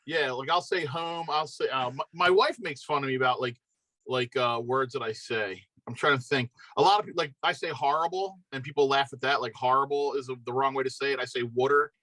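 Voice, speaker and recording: A man's voice: medium pitch, quick pace, sharp tone, dry recording. A middle-aged man with a Philadelphia accent, chatting loosely as a podcast guest and rambling through asides and fillers. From Pennsylvania, near Philadelphia. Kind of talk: casual chat.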